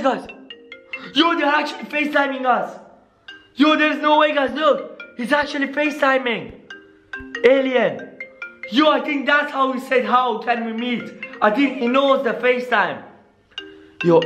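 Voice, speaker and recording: A young man hosting a prank-call skit vlog, excitable and constantly saying "yo" and "guys". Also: extremely high pitch, a little slow, soft background music. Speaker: YouTuber.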